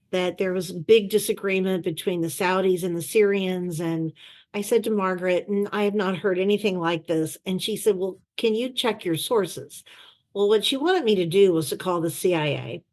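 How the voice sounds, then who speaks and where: A woman guest in an interview, telling an anecdote in a lively way and acting out the voices she quotes, over a video call. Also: medium pitch. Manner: animated storyteller who acts out quoted voices. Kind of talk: anecdotal storytelling.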